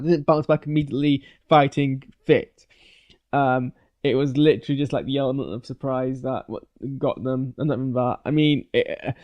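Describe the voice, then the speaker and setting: A man's voice: medium pitch, a little mellow, lo-fi sound. A man giving a rambling, casual live reaction to a show's finale, full of fillers and restarts. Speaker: show reviewer.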